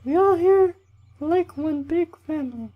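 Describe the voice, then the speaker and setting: A man reading the lines of a bossy, cheerful female camp leader in a strained falsetto, lecturing. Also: moderate pace, narrow, tinny audio. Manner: lecturing, preachy.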